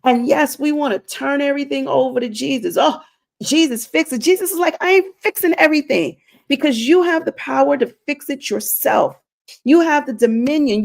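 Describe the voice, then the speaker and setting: This inspirational streamer has a high-sitting, darkish voice with vocal fry. Addressing her viewers directly, she gives an earnest, preachy faith-based talk and keeps repeating points to drive them home.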